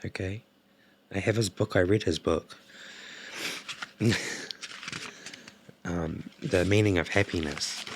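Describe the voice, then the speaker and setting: A man's voice: low-pitched, slow pace, pauses often, slight background noise. A man doing a casual oracle card reading to camera, emotional, laughing and sighing as he goes. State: emotional, coughing. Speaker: tarot card reader.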